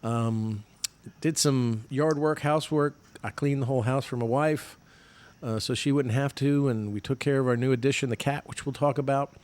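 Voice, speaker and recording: A middle-aged man with a drawl chats on a podcast from a remote mic. He rambles through family stories and pokes fun at himself, with a voice of ordinary pitch. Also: fairly even intonation, normal speed, darkish tone. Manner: chatty, self-mocking storyteller. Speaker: podcast co-host. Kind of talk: casual chat.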